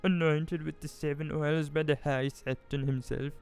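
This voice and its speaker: A man reading a fantasy novel aloud in a relaxed, casual way, stumbling over words now and then. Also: fairly high pitch, normal speed, vocal fry, faint music behind. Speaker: audiobook reader. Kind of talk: casual audiobook reading with asides.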